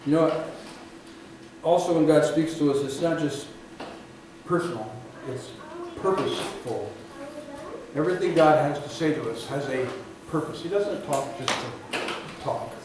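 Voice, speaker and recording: A man preaching a sermon as the pastor, telling stories and building to loud emphatic peaks before dropping to quiet, drawn-out phrases. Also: a little high. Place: church sanctuary. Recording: echoey hall, recorded from far off, audible room noise.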